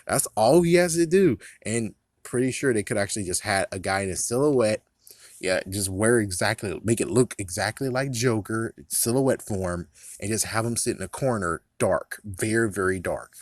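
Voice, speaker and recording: Rambling low-voiced man ranting about movies. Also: normal speed, no echo, clean studio sound. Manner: rambling, swears and laughs at his own jokes. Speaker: vlogger. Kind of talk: casual movie commentary rant.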